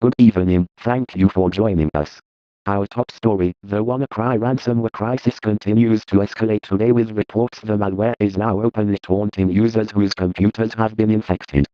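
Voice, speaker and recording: A man voicing a formal news anchor with a measured reading, in a parody newscast. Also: lowish voice, steady tone, no echo, lightly acted. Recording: dull, muffled sound.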